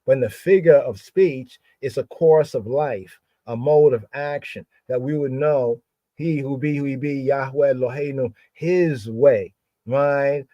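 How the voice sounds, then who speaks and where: A man's voice: medium pitch, unhurried, dark tone, no room sound, lo-fi sound. A man teaching a live scripture study, repeating words over and over and drawing them out.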